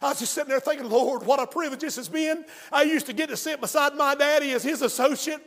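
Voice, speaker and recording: A man preaching a sermon as pastor, moving from hushed storytelling to shouted, fervent praise. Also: extremely high pitch, fast, few pauses. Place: church sanctuary. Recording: long hall reverb of a church.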